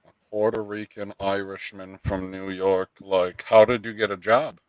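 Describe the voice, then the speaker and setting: A man's voice: lowish voice, level tone, moderate pace, no room sound, rough recording. A man hosting a casual live stream, teasing his co-host, swearing and reading chat messages aloud. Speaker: livestream host.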